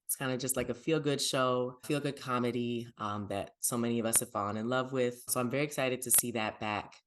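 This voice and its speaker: A man's voice: medium pitch, steady tone, a little fast, fairly bright tone. Upbeat male podcast host. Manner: upbeat, plugs socials, chatty pop culture talk. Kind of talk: casual podcast chat.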